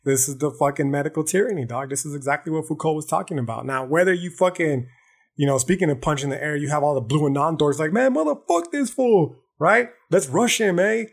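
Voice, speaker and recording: A man's voice: fairly high pitch, fast talker, breathy edge. Man, podcast host, raised voice, swears and slangs through a casual philosophy rant. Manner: profane, slangy, animated lecturing.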